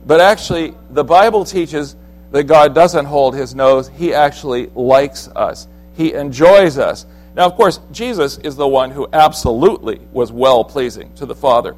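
A man's voice: a little high, moderate pace, a little mellow, low-quality recording. Earnest man preaching, faint music. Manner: earnest, conversational preaching with restarts. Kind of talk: sermon.

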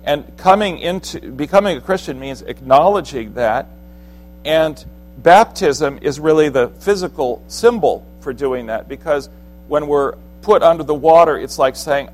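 A man's voice: fairly high pitch, expressive, measured pace, faint music behind, rough recording. A man preaching a sermon in an earnest, conversational way, often restarting his sentences as he explains.

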